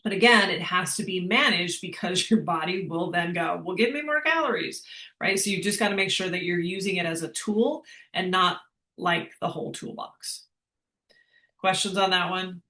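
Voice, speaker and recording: A woman's voice: lowish voice, fairly even intonation, moderate pace, bright, forceful tone, roomy sound. A woman fitness coach answering questions in a live class, chatty and upbeat, laughing as she explains.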